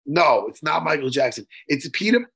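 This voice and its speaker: A raspy, high-pitched man rattles through a movie recap with big swings in his voice and a gravelly edge. He swears freely and keeps breaking into loud laughter as he talks. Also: normal speed. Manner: excitable, swearing, retelling movie scenes with bursts of loud laughing. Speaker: podcast co-host. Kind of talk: casual chat.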